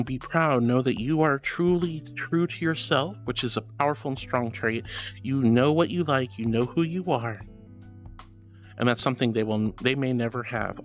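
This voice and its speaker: An affectionate VTuber streamer on a casual live stream, calling viewers honey and sweetheart. The voice sits in a middling register but leaps around, from soft and reassuring to high and excited. Faint music plays underneath. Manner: swings between soft reassuring advice and high excited thanks. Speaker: VTuber livestreamer. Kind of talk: casual livestream chat reading and pep talk.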